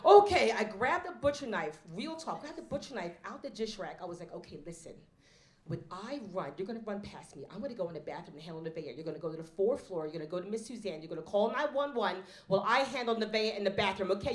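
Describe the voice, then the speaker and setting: A woman telling a stand-up comedy story, animated and acting out the voices, before a live audience. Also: medium pitch, fast talker. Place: event hall with live audience. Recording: roomy hall echo.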